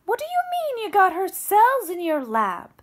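A woman voicing an excited, alarmed woman who bursts out in loud, high-pitched lines. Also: moderate pace, vocal fry. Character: excited, alarmed woman hearing shocking news.

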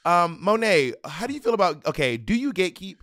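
A man co-hosting a podcast in a loose, joking chat, his voice sitting a little high. He jumps into goofy fake-accent bits, and the sound is dry and close. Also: sing-song, fairly quick, a bit bright, no echo. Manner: playful, does silly fake-accent bits. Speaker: podcast co-host. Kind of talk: casual chat.

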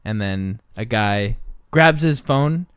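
A man co-hosting a casual podcast, telling rambling stories with halting restarts and acting out what people said. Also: on the low side, lively intonation, clean tone, no echo, studio quality. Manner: rambling storyteller, halting restarts, acts out quotes. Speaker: podcast co-host. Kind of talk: casual chat.

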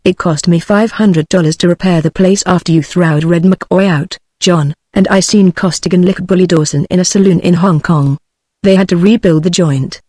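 A text-to-speech British-accented woman voicing a frantic male bar owner in a story, in flat synthetic tones. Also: fairly low pitch, normal speed, breathy edge, no room sound, studio quality. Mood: pleading. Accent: British English.

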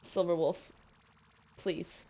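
A young woman streaming a game live, excitable and talking straight to her chat, often repeating her exclamations. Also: lowish voice, drawn-out words. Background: faint game music.

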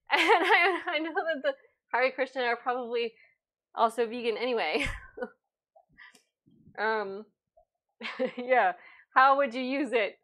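A woman's voice: a little high, bright, forceful tone. Chatty woman hosting a cooking stream. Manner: chatty, reads viewer comments aloud. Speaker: cooking livestream host. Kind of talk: casual livestream cooking chat. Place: home kitchen. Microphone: lavalier.

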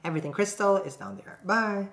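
A woman's voice: mid-range voice, brisk, vocal fry. A woman giving a casual tarot reading to camera, chatty, laughing often and checking in with her viewers as she goes. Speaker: tarot reader. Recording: roomy echo, faint background noise.

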